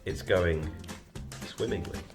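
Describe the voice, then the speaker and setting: A man's voice: low voice, slow pace, music in the background. A man co-hosting a casual youth-group video, joking and punning in a dry way. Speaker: co-host. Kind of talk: casual chat.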